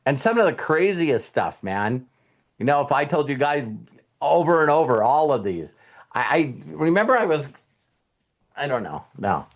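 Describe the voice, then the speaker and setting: This middle-aged man hosts a coaching show and speaks a little high, his pitch swinging widely at a moderate pace. He tells a personal story in a relaxed motivational talk, voicing his younger self's words in quotes.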